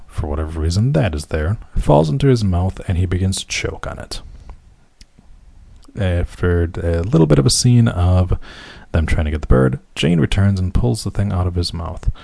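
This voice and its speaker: Gravelly low-voiced man recapping a film. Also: a little mellow, no echo. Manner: wry, sarcastic and profane asides. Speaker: movie recap narrator. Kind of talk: casual film recap commentary.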